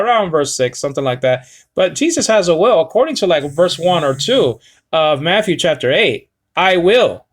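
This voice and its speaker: Man teaching scripture casually, halting and filler-heavy, slightly higher voice, stops to sound out Greek words. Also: a bit bright. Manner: halting, many fillers, reading aloud slowly. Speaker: Bible teacher. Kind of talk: casual Bible lesson.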